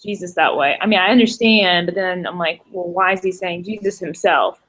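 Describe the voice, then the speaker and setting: A woman's voice: fairly low pitch, brisk, fairly bright tone. A woman student in a tutoring session, thinking aloud and asking hesitant questions.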